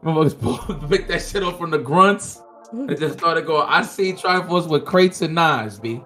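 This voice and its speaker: A man hosting a podcast in casual chat, excited and quick to laugh and swear. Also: fairly high pitch, faint music behind. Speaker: podcast host.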